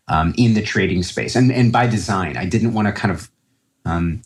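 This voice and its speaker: A man with a very low voice talks loosely as a guest on an interview show. He rambles, circles back and restarts his sentences with lots of fillers. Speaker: podcast guest, trader. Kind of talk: casual interview talk.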